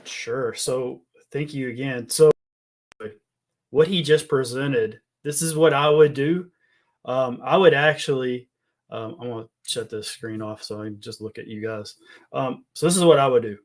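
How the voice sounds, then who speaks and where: A man's voice: medium pitch, unhurried. A man appearing as a guest on a business webcast, talking casually with frequent ums.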